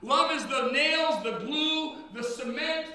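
A middle-aged man preaching a sermon in a loud, booming drill-instructor voice, heard in a church hall. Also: takes it slowly. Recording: echoey hall from far off.

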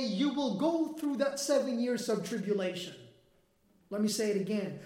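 A man preaching a sermon with emphatic delivery that swells toward near-shouting. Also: sits high, animated, moderate pace, reverberant.

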